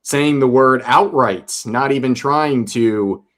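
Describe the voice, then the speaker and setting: A man with a mid-range voice talks through the story with dry sarcasm. His delivery is relaxed and plain. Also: mid-range voice, slow. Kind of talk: casual commentary.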